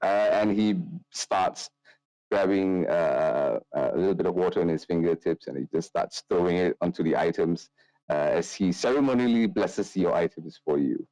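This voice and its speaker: Deep-voiced male game master. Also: moderate pace, no room sound, poor audio. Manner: loose, relaxed narration with many fillers. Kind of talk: narrating a tabletop game.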